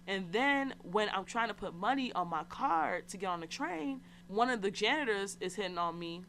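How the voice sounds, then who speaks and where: A young woman hosts her own podcast and tells a personal story in an easy, slangy way, speaking to her listeners like friends. Her pitch sits in an ordinary middle range. A faint hiss runs under her voice. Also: expressive, normal speed, fairly bright tone. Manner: chatty, slangy, candid, addresses listeners directly. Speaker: podcast host. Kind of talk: casual solo storytelling.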